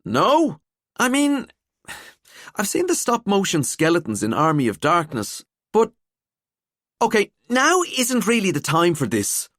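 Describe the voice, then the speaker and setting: A male narrator voicing a living skeleton detective who talks in a wry, chatty, calm way. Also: medium pitch, a little slow, dry recording, studio quality, voice pushed up.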